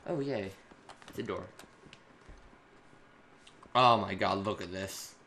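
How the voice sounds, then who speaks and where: Bright-voiced joking gamer guy. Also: low-pitched, takes it slowly, slight background noise. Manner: joking, chatty, teasing. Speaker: gaming channel co-host. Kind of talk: casual gaming commentary.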